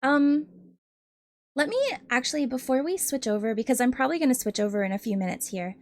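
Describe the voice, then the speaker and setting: Her voice is high-pitched and fairly quick, recorded cleanly in a studio with no room sound. Chatting casually with her audience, this streamer keeps laughing between phrases, stumbles through ums and restarts, and confesses to feeling nervous.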